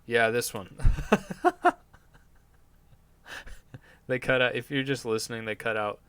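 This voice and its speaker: A man hosts his own podcast live, rambling at an unhurried pace with many fillers and restarts. His tone is sardonic and profane, and his voice sits at an ordinary pitch. The sound is dry, with no room echo. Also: steady tone, pushed and bright, smooth. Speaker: podcast host. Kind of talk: rambling live-stream monologue.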